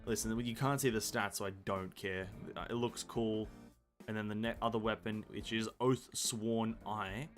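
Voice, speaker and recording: A man's voice: fairly low pitch, fairly even intonation, normal speed, faint music behind. A man streaming a video game, rambling casually with self-mocking asides, swearing freely and tripping over words as he reads game text aloud. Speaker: gaming streamer. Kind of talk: casual live-stream chat.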